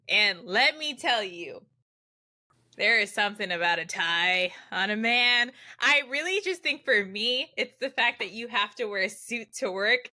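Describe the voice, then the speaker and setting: A woman's voice: mid-range voice, pushed and bright. A woman co-hosting a casual podcast, talking in a gushing, giggly, enthusiastic way. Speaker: podcast co-host.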